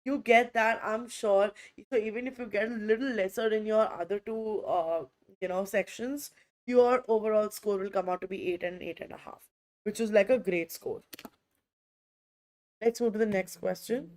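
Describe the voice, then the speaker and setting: Female tutor, chatty, mid pitch. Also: moderate pace, darkish tone. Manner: chatty, repetitive, addresses students as guys. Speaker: IELTS teacher. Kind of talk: online lesson.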